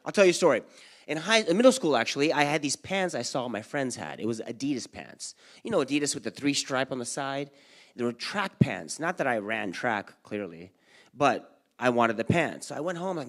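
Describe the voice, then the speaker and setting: A young male comedian working a live room at a community event, his voice sitting a little high as he jumps between crowd banter and playing his own mom and dad. He talks into a handheld mic on stage. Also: fairly quick. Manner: energetic crowd work, acts out his parents and friends. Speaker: stand-up comedian. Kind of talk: stand-up comedy set. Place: community center event hall, live audience.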